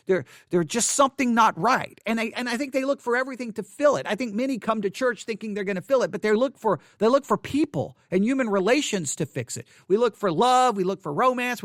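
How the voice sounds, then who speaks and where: A man with a fairly high voice and a gravelly edge leads an informal devotional study. He speaks haltingly, often repeating phrases and correcting himself mid-sentence. The sound is close and dry. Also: fairly bright tone, no room sound.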